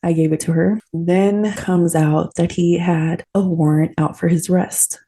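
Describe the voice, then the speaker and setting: Speaking at a measured pace in a fairly low, mellow, slightly rough voice with fairly even intonation, a woman hosts a podcast. She recounts a personal story with candor and emotional openness, her conversational speech full of fillers and tag questions.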